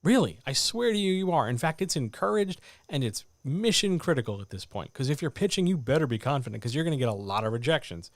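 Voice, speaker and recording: A man coaching writers in a livestreamed talk, animated and addressing listeners directly, with muttered asides to himself. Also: a little high, fast talker, hardly any pauses, dry recording. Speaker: writing coach. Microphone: desk microphone.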